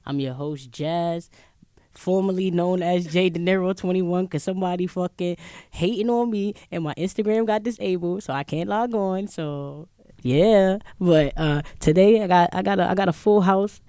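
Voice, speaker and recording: A woman's voice: on the low side, normal speed, warm tone, clear, resonant tone, no room sound. Give me a New woman hosting a podcast round table, loose and profane, in a dry close-miked sound. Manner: loose, profane, laughing storyteller. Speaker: podcast host. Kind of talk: casual podcast chat.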